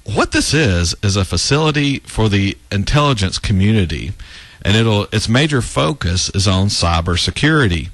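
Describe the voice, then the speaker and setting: A low-voiced man hosts a talk show and runs through political commentary with open sarcasm, laughing at his own lines. His voice sits deep in the chest. The recording is dry, with no room sound. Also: expressive, normal speed, fairly bright tone, no room sound. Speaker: radio talk show host.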